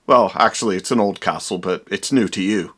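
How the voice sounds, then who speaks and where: A man voicing a cheeky, bug-eyed hunchbacked servant in a low, gruff wisecracking voice. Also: a little fast, a bit bright.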